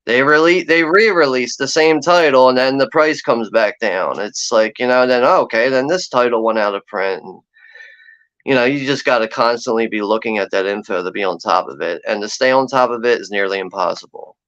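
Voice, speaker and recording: A man's voice: mid-range voice, fairly quick, fairly bright tone. A man chatting casually and profanely on a livestream, rambling and laughing as he talks. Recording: dull lo-fi sound.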